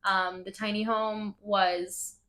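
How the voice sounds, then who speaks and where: Bright-voiced woman, casual podcast storyteller. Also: medium pitch, little pitch movement, slow pace. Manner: casual, swears, lots of "like" fillers; open and emotional in the telling. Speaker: podcast host.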